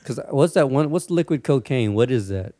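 A man's voice: mid-range voice, animated, normal speed, dark tone. A man co-hosting a podcast, chatting casually and telling crude stories with lots of laughter. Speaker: podcast co-host. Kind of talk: casual chat.

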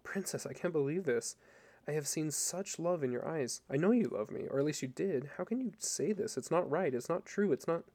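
A man's voice: a little high, expressive, a little fast, a little mellow, pitched above the performer's own voice. A man voicing a grieving husband who pleads with his wife in a desperate, hurt way. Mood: pleading.

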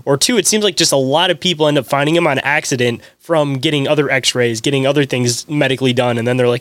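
Fast-talking male podcast host. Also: medium pitch, fairly bright tone, dry recording. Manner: quick, eager reactions and questions. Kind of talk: casual interview chat.

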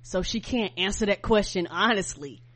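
A woman's voice: medium pitch, fairly bright tone. A woman co-hosting a podcast, adding short comments and agreement in casual chat. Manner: quick agreeing interjections. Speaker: podcast co-host.

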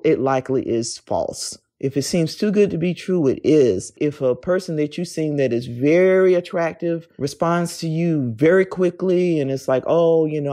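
A man's voice: fairly high pitch, darkish tone. A man in his forties candidly telling a personal story in conversation, with lots of "you know" fillers. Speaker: interviewee.

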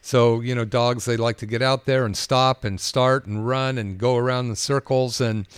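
A man's voice: mid-range voice, fairly even intonation, normal speed, clear, resonant tone, no echo, studio quality. A man who works as a doctor, talking casually on a podcast about his patients, with many fillers and restarts. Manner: conversational, anecdotal, with frequent fillers and restarts. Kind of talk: casual podcast talk, telling patient stories.

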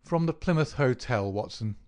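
A man's voice: medium pitch, animated, darkish tone, lightly acted. A man voicing a precise, reserved male detective in an audiobook reading. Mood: measured. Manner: measured, precise. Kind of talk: audiobook character voice.

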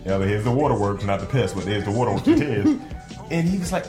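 Over background music in a roomy space, a man with a lowish voice talks fast as he co-hosts a casual, explicit podcast. He tells crude stories with animated energy, doing lots of impressions of the people in them.

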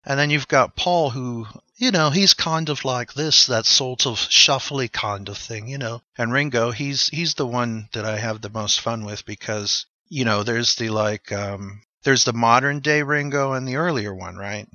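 Bright, chatty man, dull dry line. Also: mid-range voice, moderate pace, hardly any pauses, no room sound. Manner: loose, chatty, full of fillers and impressions. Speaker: guest. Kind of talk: casual discussion.

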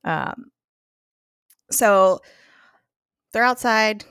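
A woman's voice: mid-range voice, drawn-out words, fairly bright tone, clear, resonant tone, no echo, studio quality. A woman guest on a podcast, casually recapping a TV episode, chatty and laughing often as she acts out what the characters say.

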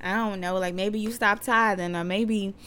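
A woman's voice: medium pitch, steady tone, moderate pace, a bit bright, smooth. Chatty woman around thirty, slangy. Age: about 30. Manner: chatty and slangy, addressing listeners directly. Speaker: podcast host and mother. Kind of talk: casual faith podcast talk.

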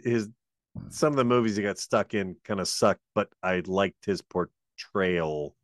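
Easygoing low-voiced man, casual chat. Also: unhurried, dry recording, clean studio sound. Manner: easygoing, hesitant, with many fillers.

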